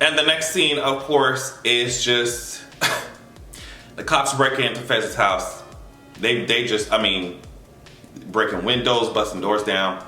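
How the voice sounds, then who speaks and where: A man with a bright, forceful voice tells his recap in an animated, profane style and acts out his reactions as he goes. The room is echoey, with faint music underneath. It is loose, casual recap talk. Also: medium pitch, slow, long pauses. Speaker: TV recap vlogger.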